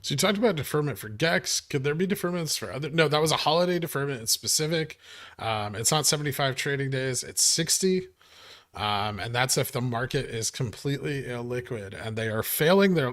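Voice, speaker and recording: A man's voice: medium pitch, lively intonation, fairly quick, fairly bright tone. Guy live streaming about stocks, reads chat, rants a bit, swears, kinda wry. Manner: ranting, casual and profane, wry asides. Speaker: livestream host.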